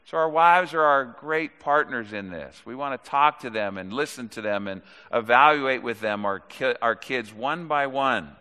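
A middle-aged man preaching a sermon, earnest and emphatic, repeating lines for stress and swinging between loud and hushed. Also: medium pitch, moderate pace, hardly any pauses, clear, resonant tone. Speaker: pastor. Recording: reverberant hall.

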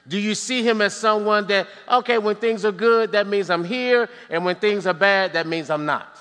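Animated male pastor, high voice, long church-hall reverb. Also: normal speed, clear, resonant tone. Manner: animated, humorous asides. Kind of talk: sermon.

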